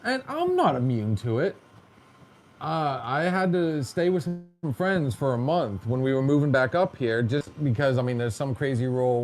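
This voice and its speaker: A podcast host with a medium-pitched, somewhat mellow voice and lively intonation speaks at a moderate pace, faint music behind him. He tells chatty, humorous stories, putting on voices for the people he quotes.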